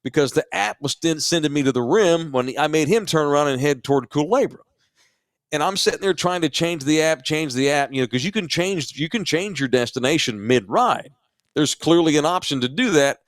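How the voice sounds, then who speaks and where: Animated, profane male storyteller. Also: fairly high pitch, normal speed, no echo, studio quality. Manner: animated, profane, self-mocking. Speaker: podcast host. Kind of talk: casual storytelling.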